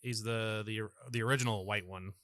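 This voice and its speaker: A man in casual podcast chat, jumping in with quick jokes and swearing. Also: lowish voice, steady tone, fairly bright tone, no room sound, clean studio sound. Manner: quick jokey interjections, swears. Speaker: podcast co-host.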